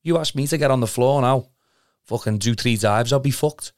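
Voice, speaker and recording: A man's voice: medium pitch, normal speed, no echo, studio quality. A young man with a Liverpool accent telling an emotional story in casual chat, rambling, earnest and swearing a lot. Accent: Liverpool (Scouse). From Liverpool, England.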